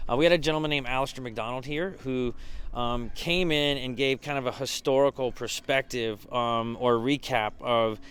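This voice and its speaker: A man's voice: mid-range voice, steady tone, moderate pace, a bit bright, clear, resonant tone. A man who leads a business mastermind group, giving a casual behind-the-scenes recap, with lots of fillers and restarts.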